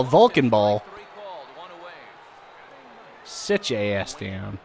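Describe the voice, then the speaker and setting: A man hosting a gaming channel, giving loud, vulgar, excitable commentary while he plays. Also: fairly low pitch, normal speed. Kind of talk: let's play commentary.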